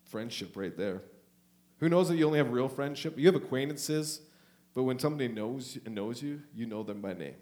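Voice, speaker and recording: A man preaching a charismatic Pentecostal sermon in a church, emotional and swinging between loud urging and soft, hushed talk. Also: medium pitch, lively intonation, moderate pace. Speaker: pastor.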